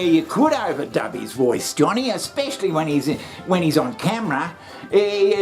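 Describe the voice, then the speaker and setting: A woman's voice: lowish voice, a little mellow. A woman hosting a satirical comedy show, sarcastic and full of swearing, often laughing.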